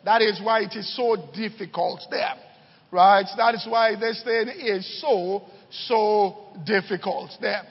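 A man's voice: sits high, slow, in a large hall, highs cut off. A male pastor preaching a sermon, telling stories and often checking in with "all right" and "okay".

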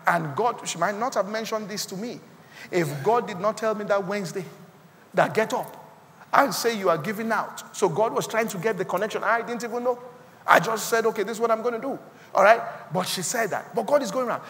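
A man with a Nigerian accent preaching a sermon as pastor, swinging from quiet asides to loud, rising exclamations. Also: high-pitched, big-room sound, slight background noise. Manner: preaching with sudden loud rises and quiet drops.

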